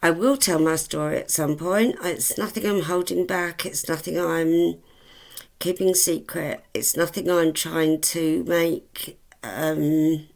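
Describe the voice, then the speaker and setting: Low, gravelly-voiced woman vlogger. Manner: rambling, hesitant, full of ums, affectionate. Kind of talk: casual chat to camera.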